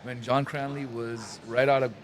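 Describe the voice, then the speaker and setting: A man's voice: medium pitch, steady tone, normal speed. A middle-aged man, a podcast guest, chatting casually and joking, fond of using big words. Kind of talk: casual conversation.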